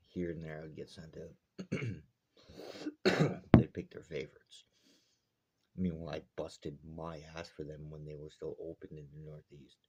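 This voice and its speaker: Deep dark husky guy, blunt profane rant. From Alberta, Canada. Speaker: vlogger. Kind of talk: angry rant to camera.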